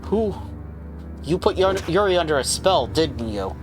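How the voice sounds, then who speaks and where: A man's voice: a little high, big pitch swings, a little slow, voice pushed up. A man doing an earnest, pleading young heroine. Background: game music.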